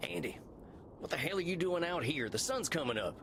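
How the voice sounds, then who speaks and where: A man's voice: fairly high pitch, very animated, moderate pace, background noise. An actor with a Southern US accent playing a folksy, blunt male cowboy vampire in game dialogue. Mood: worried. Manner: folksy, plain-spoken.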